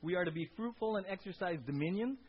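In a high, husky voice with lively intonation, a pastor preaches fast and conversationally, questioning his listeners and ending points with "right?". The audio is dull and lo-fi.

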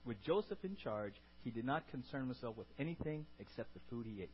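A man preaching a sermon to his congregation, asking them questions and building to loud, emphatic peaks. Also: medium pitch, lively intonation, brisk, highs cut off, a little hiss or hum. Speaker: pastor.

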